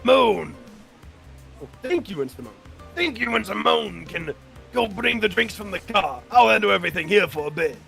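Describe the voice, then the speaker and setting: A man putting on a gravelly cheeky café boss. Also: high voice, lively intonation, normal speed, fairly bright tone, faint music behind, exaggerated voice. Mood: bossy. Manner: drawled, exaggerated impression voice.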